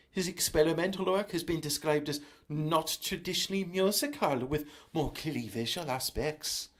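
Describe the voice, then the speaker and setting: A man chatting casually while editing audio as a music producer, rambling and mocking himself as he thinks aloud. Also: high-pitched. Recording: music playing loudly alongside.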